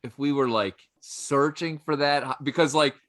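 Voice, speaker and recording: A man's voice: medium pitch, moderate pace, fairly bright tone. A man co-hosting a podcast in casual chat, rambling and peppering his talk with "like". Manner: rambling, full of "like" and restarts. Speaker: podcast co-host.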